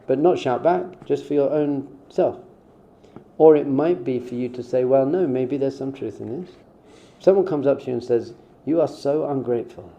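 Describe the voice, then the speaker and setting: A rabbi delivering a relaxed spiritual talk in a deep, mellow male voice. He speaks informally and slips into little acted-out exchanges. The recording sounds somewhat dull and muffled. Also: vocal fry. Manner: informal, acts out short quoted exchanges. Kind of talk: conversational spiritual teaching.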